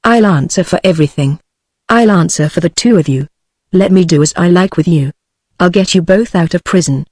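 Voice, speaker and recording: A woman's synthetic voice with a British English accent, reading the lines of a calm, commanding gentleman thief in her usual even narration. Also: on the low side, brisk, no room sound, close to an everyday voice. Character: cool-headed gentleman thief, adult man.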